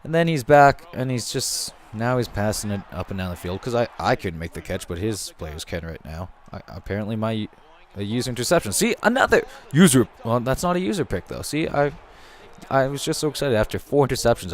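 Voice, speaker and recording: A man's voice: on the low side, animated, quick pace. A young man giving casual, rambling commentary over a football video game, joking and swearing freely as he narrates. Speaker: gaming commentator.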